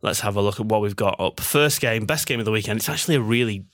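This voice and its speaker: A man's voice: on the low side, fast, fairly bright tone, no echo, studio quality. A man hosting a casual sports betting podcast, rambling and self-deprecating with lots of ums. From Manchester, England. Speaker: podcast host.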